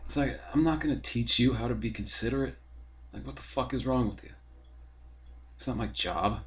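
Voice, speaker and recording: A man's voice: medium pitch, normal speed, pauses often. A man hosting a podcast from his apartment, ranting in a rambling, profane and exasperated way. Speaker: podcast host. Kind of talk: casual ranting monologue.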